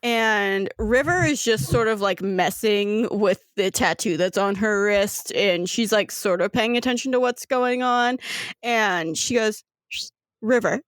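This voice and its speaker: A woman's voice: mid-range voice, unhurried, dry recording. A woman narrating a tabletop role-playing game as game master in a chatty, giggly way, with many fillers.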